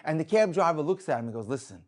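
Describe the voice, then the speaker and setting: A man telling an inspirational religious story with lively delivery, acting out the people in it. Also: fairly high pitch, rapid-fire. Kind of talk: inspirational story told to an audience.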